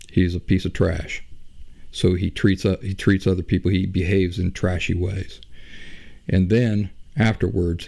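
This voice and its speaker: A middle-aged man hosting a podcast, talking through ideas in a slow, conversational monologue full of rhetorical questions. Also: deep voice, creaky, dark tone. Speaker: podcast host. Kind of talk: reflective monologue.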